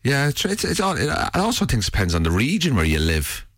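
A man's voice: mid-range voice, wildly swooping pitch, fast talker, a bit bright, no echo. A man co-hosting a radio breakfast show, teasing and dry in his banter. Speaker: radio co-host. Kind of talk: casual on-air banter. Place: radio studio.

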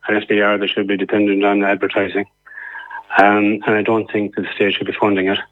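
Irish male caller on a phone line, lowish voice, earnest and rambling. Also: monotone, fairly quick. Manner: earnest, rambling, with many fillers. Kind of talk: phone-in call. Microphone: telephone.

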